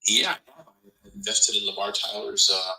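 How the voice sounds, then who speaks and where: A man's voice: on the low side, unhurried, gravelly, crowd noise. A man taking part in a live call, sharing his experience in an earnest, casual way. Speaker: call participant. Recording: roomy, distant from the mic.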